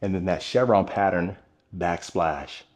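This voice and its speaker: A man's voice: lowish voice, moderate pace, a little mellow. Upbeat man touring a house. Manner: enthusiastic, addresses viewers directly. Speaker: home tour vlogger. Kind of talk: walkthrough home tour narration. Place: inside a large furnished house.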